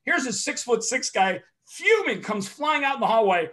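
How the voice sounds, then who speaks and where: A man telling a personal story in a casual talk, animated and profane, acting out the other people in it and laughing along the way. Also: high-pitched, brisk. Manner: excitable, swears often, acts out other people's lines with shouting and laughter. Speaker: podcast host telling a story.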